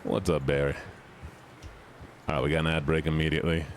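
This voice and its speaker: A man's voice: very deep voice, level tone, a little fast, a little hiss or hum. A young man casually chatting with his live-stream audience while gaming, joking and swearing.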